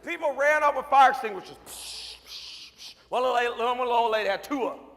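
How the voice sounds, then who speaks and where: A man giving a motivational speech to a live audience, telling comic stories and acting them out with bursts of shouting. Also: very high-pitched, very fast, big-room sound, background noise. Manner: animated, acts out voices and shouts. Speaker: motivational speaker.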